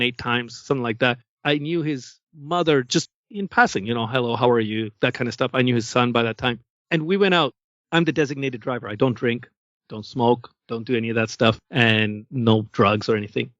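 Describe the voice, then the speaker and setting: A man from Canada tells a casual podcast story and slips into animated voices for the people he quotes. His voice sits mid-pitch. The audio is slightly dull and very dry. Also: no room sound. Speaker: podcast co-host.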